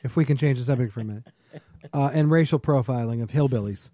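A man co-hosting a talk show, calmly pushing back and steering the discussion. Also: mid-range voice, dry recording. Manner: measured, pushes back calmly. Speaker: podcast co-host. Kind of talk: casual discussion.

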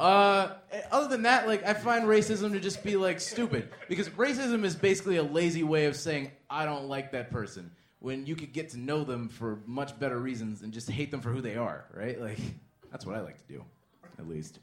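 A man doing a stand-up set, swinging from muttered asides to loud bursts. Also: on the high side, fairly quick, roomy sound. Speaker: stand-up comedian.

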